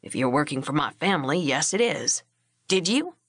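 A woman's voice: deep voice, very animated, normal speed, a bit bright, no echo, clean studio sound, voice pushed down, heavily acted. A woman doing a clipped suspicious rancher.

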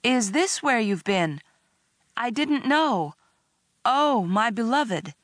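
A man's voice: high voice, unhurried, no room sound, studio quality, voice pushed up, exaggerated voice. A woman voicing a wooden, dim young prince. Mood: stiff. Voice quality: wooden, flat-sounding delivery. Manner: uncertain, reciting lines.

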